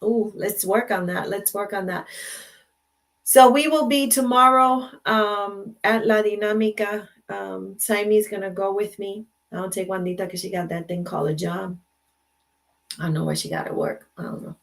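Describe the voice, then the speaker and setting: An older woman hosts a live stream from her computer, with a gravelly edge on her voice. She chats casually and affirms her viewers, often repeating her phrases. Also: medium pitch, steady tone, moderate pace. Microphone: computer mic.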